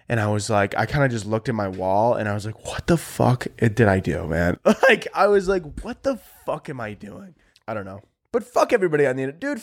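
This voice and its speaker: A young man hosting a comedy podcast, ranting in a sarcastic, profane way, his voice jumping high when he gets worked up. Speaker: podcast host.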